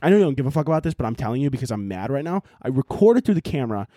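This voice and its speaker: A young man hosting a solo podcast at home, talking in a loud, profane, animated rant and shouting at times, recorded on laptop audio. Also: medium pitch, very fast, no room sound, clean studio sound. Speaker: podcast host.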